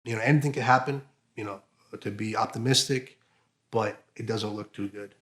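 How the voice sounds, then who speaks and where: Man, low voice, interviewee, emotional testimony, halting speech, lots of fillers. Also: fairly even intonation, fairly bright tone. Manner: halting, many fillers and restarts.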